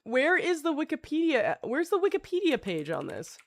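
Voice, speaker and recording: A woman's voice: high-pitched, big pitch swings, moderate pace, dry recording, studio quality. A woman streamer chatting casually with her viewers, rambling, reading passages aloud, swearing freely and chuckling.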